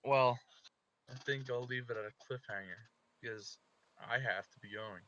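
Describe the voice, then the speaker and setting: A man reading a visual novel aloud in a flat deadpan, slipping quick, crude jokes into muttered asides. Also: mid-range voice, highs cut off. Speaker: gameplay commentator.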